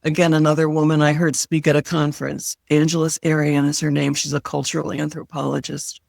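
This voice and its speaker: Gravelly older woman sharing wisdom. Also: sits low, level tone, a little fast, a little mellow, no echo, studio quality. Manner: reflective and earnest, sharing wisdom. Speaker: guest, former hospice chaplain. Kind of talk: interview conversation.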